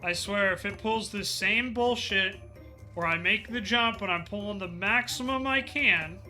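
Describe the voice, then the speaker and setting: Bright, high-voiced man streaming a game. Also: measured pace, faint music behind. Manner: frustrated, swears at the game; soft and doting when talking to his dog. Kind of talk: casual gameplay commentary.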